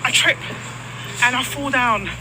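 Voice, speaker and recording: A woman with a Nigerian accent telling a story outdoors, animated and acting out the quotes. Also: sits high, measured pace. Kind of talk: storytelling vlog. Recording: street noise with passing cars.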